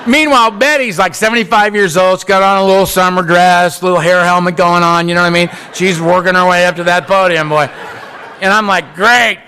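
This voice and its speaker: A man's voice: high voice, fairly quick, clean tone. A man telling a humorous, self-mocking personal testimony at a conference podium. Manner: animated, self-mocking storytelling. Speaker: recovery speaker.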